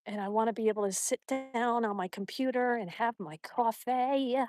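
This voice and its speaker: Brief: female streamer, a touch high-pitched, casual chatter to viewers and pet while walking outside, dry phone sound. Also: normal speed, a little mellow, no room sound. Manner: reads viewer comments aloud and baby-talks to her dog. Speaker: live-stream host. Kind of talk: chatty live-stream walk-and-talk. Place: outdoors at a mountain park.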